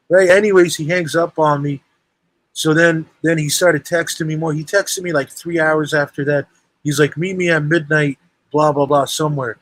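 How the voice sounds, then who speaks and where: Young man, slightly high voice, rambling street-slang storyteller, casual call-in chat. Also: fairly even intonation, a little fast, fairly bright tone, no room sound, poor audio. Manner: rambling, street slang, lots of "bro" and "right?".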